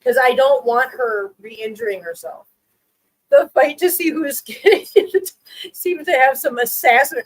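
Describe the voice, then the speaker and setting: A woman with a high voice hosts a relaxed live stream and talks loosely with her viewers. She laughs often and switches into cooing baby talk for her cats. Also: unhurried, low-quality recording. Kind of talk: casual live-stream chat with viewers and pets.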